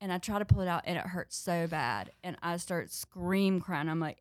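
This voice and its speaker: Animated young woman telling a story. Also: on the low side, fairly quick, hardly any pauses, dry recording, clean studio sound. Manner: animated, acts out the voices of people in her story. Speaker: podcast guest. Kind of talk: casual storytelling.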